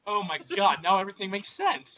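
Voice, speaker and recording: An excitable man co-hosting a casual podcast. His voice sits high and bounces around as he jumps in with jokes. The lo-fi recording sounds dull. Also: quick pace. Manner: excitable, jokey, overlapping interjections. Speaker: podcast co-host. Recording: lo-fi muffled podcast audio.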